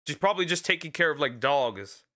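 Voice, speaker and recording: Male VTuber, reaction host; bright tone, wide swinging pitch, exclaiming. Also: lively intonation, brisk. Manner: exclaiming, disbelieving, jumps to high squeaky outbursts. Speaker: VTuber streamer reacting to a video. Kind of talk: live reaction commentary.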